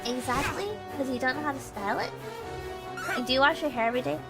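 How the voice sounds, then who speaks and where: A woman's voice: sits high, quick pace, vocal fry, over loud music. A woman with a Texas accent chatting casually on a live stream. She laughs often, answers chat and restarts her sentences, and her nose is a little stuffy. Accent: Texan. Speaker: VTuber streamer.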